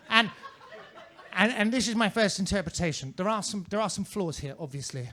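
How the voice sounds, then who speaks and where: A male stand-up comedian with a high, bright voice, performing on a comedy club stage. His delivery is mannered and theatrical with a droll edge, and it is spoken into a handheld stage mic. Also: moderate pace.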